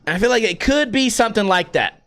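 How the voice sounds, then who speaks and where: Young guy podcast host ranting, swears a lot, high clear voice, rambles all over. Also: lively intonation, fast, a bit bright. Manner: profane, rambling, swings pitch for emphasis. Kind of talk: casual rant.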